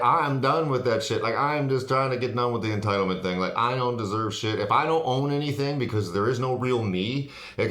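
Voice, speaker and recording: A man's voice: mid-range voice, a bit bright. A man talking bluntly in a casual monologue, swearing constantly as he rants. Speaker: host. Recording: echoey room.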